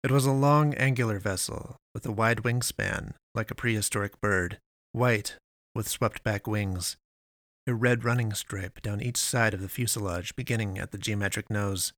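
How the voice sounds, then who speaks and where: A man narrating a science fiction story in a measured, deliberate way with long pauses. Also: on the low side, a bit bright, no echo, studio quality.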